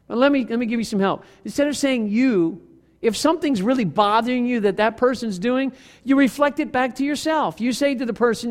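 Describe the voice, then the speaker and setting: Male pastor, high voice, animated sermon delivery, long hall reverb. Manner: animated preaching, acting out quoted arguments, self-deprecating asides.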